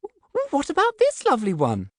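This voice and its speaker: A man voicing an excitable young girl who gushes breathlessly in a storybook reading. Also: sits high, moderate pace, no echo, clean studio sound, pitched above the performer's own voice. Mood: gushing. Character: excitable young girl, gushing over oddities.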